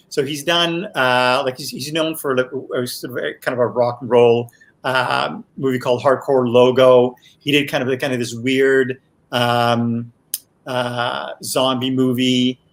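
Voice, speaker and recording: A man's voice: mid-range voice, normal speed. Guy who made the show, rambly chat, lots of uh and restarts. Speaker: series creator guest. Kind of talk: casual podcast chat.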